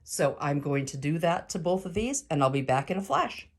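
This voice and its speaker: A woman's voice: sits low, very animated, moderate pace. A middle-aged woman hosting a casual quilting tutorial, chatty and upbeat as she explains each step.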